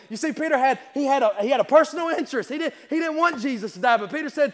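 A male preacher delivering a sermon at a church service, emphatic and repetitive, firing rhetorical questions and stumbling over quick restarts. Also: extremely high pitch, expressive, in a large hall. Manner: stammering restarts.

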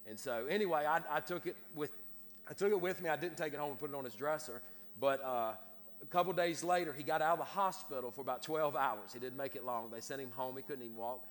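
Preacher, man, quick sermon storytelling with stammered restarts, echoing church sanctuary. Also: mid-range voice. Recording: reverberant hall with faint noise.

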